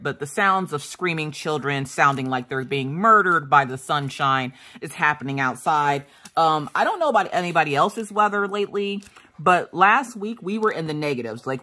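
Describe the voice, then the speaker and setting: A woman vlogging about her crafts in casual chat, telling stories with lots of laughter and acting out what people said. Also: on the low side. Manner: animated storyteller, laughs often, acts out dialogue.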